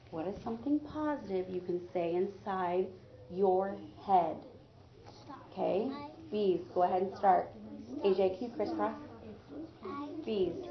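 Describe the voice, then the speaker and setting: In an elementary school classroom, a woman gives a lesson to first graders, patiently prompting them with questions and praise. Her voice is medium-pitched, and the recording has its highs cut off.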